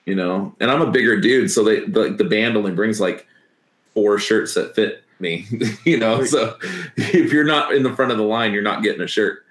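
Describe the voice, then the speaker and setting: A low-voiced man co-hosts a laid-back podcast chat. He talks in a loose, rambling way, stuffs his sentences with fillers and laughs easily. The recording has a noticeably echoey room sound. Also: moderate pace, a bit bright. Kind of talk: casual chat.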